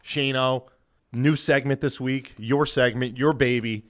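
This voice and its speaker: A man co-hosting a casual sports podcast, brash and excitable, swearing freely. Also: medium pitch, unhurried. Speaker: podcast co-host.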